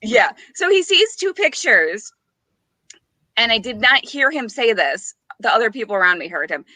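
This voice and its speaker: A woman's voice: a little high, very animated, moderate pace, sharp tone, no room sound. A woman co-hosting a podcast, telling a story in casual chat and laughing often. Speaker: podcast co-host.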